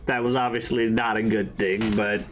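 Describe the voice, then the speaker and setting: A man's voice: lowish voice, flat delivery, moderate pace. A man in casual podcast chat, laid-back, laughing often and swearing. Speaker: podcast guest.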